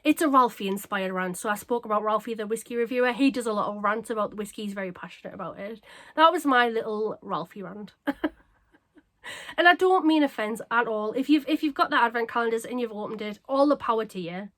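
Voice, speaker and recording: Bubbly woman with a croaky voice. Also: on the high side, fast talker. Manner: bubbly, excitable and self-deprecating. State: slightly croaky. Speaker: craft vlogger. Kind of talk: casual chat to camera.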